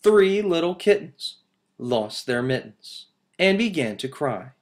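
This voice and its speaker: A man teaching kindergarten, reading stories and rhymes aloud to young children in a gentle, encouraging way. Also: fairly high pitch. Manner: gentle, encouraging, slow and expressive.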